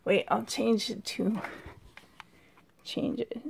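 A woman vlogger chatting excitedly from a dim room at home, her voice sitting a little high. She talks at a slow, unhurried pace and now and then drops to a hushed whisper. The sound comes from a handheld camera held indoors. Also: vocal fry, slight background noise. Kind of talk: casual vlog chat.

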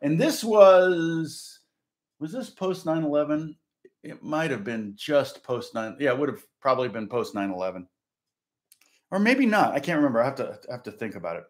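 A man's voice: a little high, lively intonation, normal speed. A man, a guitar teacher, telling a casual story and stopping often to correct himself. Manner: rambling, stops to correct himself.

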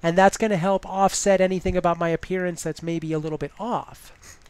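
A woman's voice: on the low side, steady tone, brisk, darkish tone, clean tone. A woman giving advice in a casual vlog, chatty and full of "you know" fillers.

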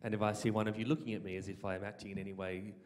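On a large event hall stage, an Australian comedian serving as awards MC delivers mock-stern, dry deadpan patter at a very fast clip, mixing stand-up with a sung comic song. His male voice is fairly low. The recording carries hall reverb with music behind him.

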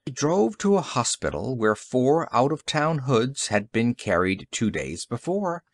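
A man narrating an audiobook story in an expressive, varied reading. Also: medium pitch, measured pace, no room sound. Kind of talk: scripted narration.

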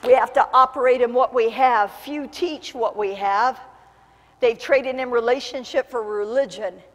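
A woman pastor delivers a lively sermon, moving between storytelling and fervent, shouted appeals. Her voice sits a little high. It rings out with a long reverb through a church sanctuary. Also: a little slow.

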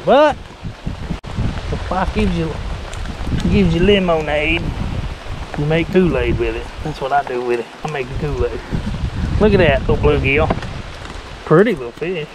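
On a lake in heavy rain, a late-thirties fishing vlogger from Tennessee gives a chatty, joking running commentary to his action camera in a Southern accent. His voice is on the high side and expressive, at a measured pace with frequent pauses and nervous laughs, over loud, noisy rain.

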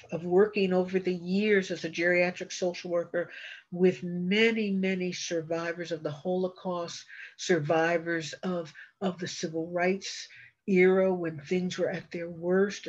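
A woman's voice: lowish voice, level tone, measured pace. An older woman, a retired social worker, giving an earnest, encouraging webinar talk with frequent restarts, heard over a video call. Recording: slightly dull video call audio.

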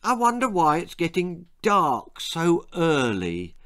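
Man putting on a fussy mum, high and slow, prim, storybook voice. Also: wildly swooping pitch, fairly bright tone, full character voice. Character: a boy's mother, fussy middle-aged housewife.

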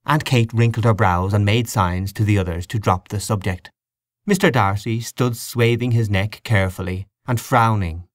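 A man narrating a literary audiobook with a measured, expressive reading. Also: lowish voice, no echo, studio quality.

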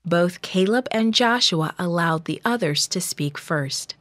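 Woman narrator, kids' Bible story, unhurried and lowish, dry close sound. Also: animated, no room sound. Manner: slow, measured, gentle reading.

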